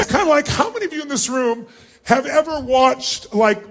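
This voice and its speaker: High-pitched man coaching a huge crowd. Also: expressive, fairly quick. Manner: commanding, coaching a crowd, often yelling. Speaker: motivational speaker. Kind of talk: live seminar address to a large crowd. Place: large hall with thousands of people.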